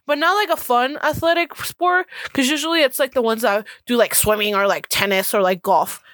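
A woman's voice: a little high, fairly quick, a bit bright, no room sound. A young woman in casual podcast chat, rambling and full of "like" fillers.

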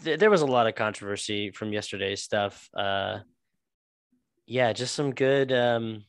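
A man co-hosting a podcast in casual chat, rambling with many halting restarts and a lot of swearing. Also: on the low side, smooth, no echo. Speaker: podcast co-host.

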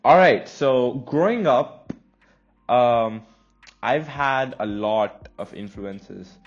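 A man's voice: medium pitch, lively intonation, drawn-out words, muffled recording, faint music behind. Rambling young man with American-leaning accent. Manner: chatty, rambling, self-conscious. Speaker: podcast host. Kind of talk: casual solo podcast monologue.

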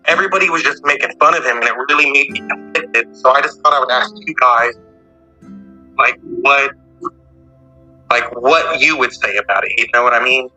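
A man calling in to share a personal story, talking earnestly and haltingly with many fillers. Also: mid-range voice, sharp tone, soft background music, rough recording. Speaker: caller sharing a story. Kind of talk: casual storytelling.

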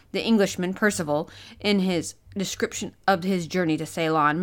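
Woman reading sea captain, male, calm, non-committal, measured, matter-of-fact, storybook. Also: on the low side, lightly acted.

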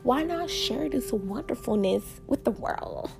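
A bubbly young woman with a bright, high voice chats casually on her own podcast. She tells her story in a lively, animated way. Soft music plays faintly underneath. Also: measured pace, creaky. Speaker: podcast host. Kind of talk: casual chat.

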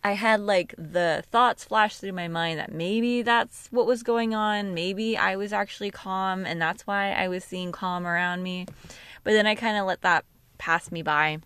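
Sleepy woman musing slowly on a podcast. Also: mid-range voice, a bit bright, clean tone, no room sound. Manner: slow, musing, with laughs and self-corrections. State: sleepy, yawning. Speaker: podcast host and yoga teacher. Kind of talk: casual reflective monologue.

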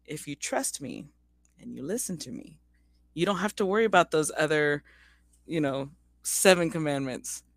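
A woman's voice: low voice, expressive, normal speed, vocal fry, dry recording. Woman, podcast co-host; earnest, chatty storyteller, frequent restarts. Dry, close recording. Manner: talkative, tells stories with many restarts. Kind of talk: casual faith podcast chat.

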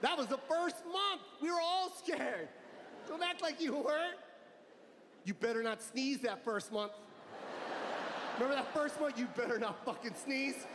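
A man doing stand-up on a big arena stage, his voice sitting high and cutting through clearly audible crowd noise. He talks brash and profane, barking his punchlines loudly into a handheld mic. The sound is a live arena recording. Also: unhurried, long pauses, echoey room, long reverb tail. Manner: loud, animated, often shouting punchlines. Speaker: stand-up comedian. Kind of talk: stand-up comedy. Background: audience laughter and crowd ambience.

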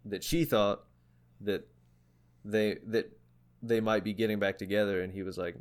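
Young male podcast co-host, low-pitched, rambling and filler-heavy, relaxed casual chat. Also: normal speed, clean tone. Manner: rambling, many fillers and restarts. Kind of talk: casual chat about music.

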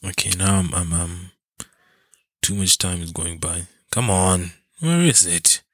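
Low-voiced man rambling casually. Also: little pitch movement, unhurried, dry recording, studio quality. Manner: rambling, self-interrupting, laughs at himself. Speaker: podcast host. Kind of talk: casual solo chat.

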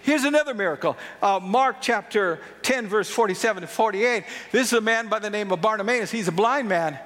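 A man with a high voice delivers a sermon from the pulpit. He presses his points hard and repeats phrases for weight. His words ring out with the long reverb of a large church hall. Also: lively intonation, a little fast, a bit bright. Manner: emphatic preaching with repeated phrases. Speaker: pastor.

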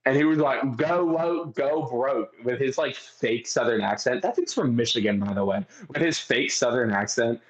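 A man co-hosting a podcast in casual chat, telling stories excitedly, laughing often and swearing freely. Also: medium pitch, normal speed, hardly any pauses, dull audio. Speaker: podcast co-host.

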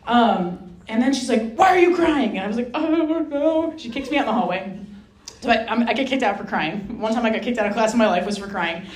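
A woman from Rhode Island, a Franciscan sister, telling a personal story as a guest speaker, lively and self-mocking, acting out the voices in her story. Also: mid-range voice, fast. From Rhode Island, USA. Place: hall with an audience. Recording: roomy echo.

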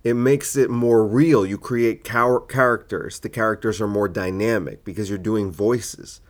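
A man's voice: lowish voice, a little slow. A man, a comedian, arguing his point in a solo podcast monologue, full of rhetorical questions and fillers.

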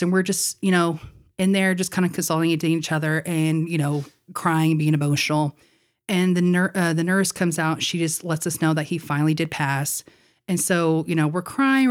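Chatty young woman with a low voice. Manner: chatty, laughs often, many "like" and "you know" fillers. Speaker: podcast co-host. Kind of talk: casual storytelling chat.

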